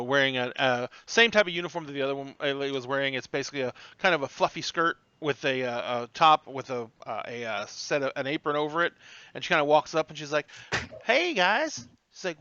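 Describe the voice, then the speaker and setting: A man running a tabletop game in a loose, rambling way, full of fillers. His voice is bright and smooth, with a fairly high pitch. The recording sounds dry and a little muffled. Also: no room sound. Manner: casual, rambling, many fillers. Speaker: game master.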